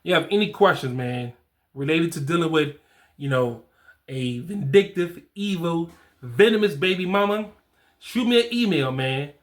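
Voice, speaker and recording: Addressing the camera, a forty-something fatherhood coach gives straight-talking parenting advice in loose slang, circling back to repeat his points. His voice is on the high side and animated, at a normal speed.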